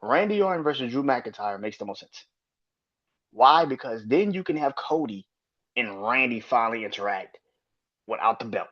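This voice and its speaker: A man's voice: mid-range voice, expressive, normal speed, fairly bright tone. Blunt, profane man ranting on a podcast. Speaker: podcast host. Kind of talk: casual wrestling commentary podcast. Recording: slightly dull lo-fi audio.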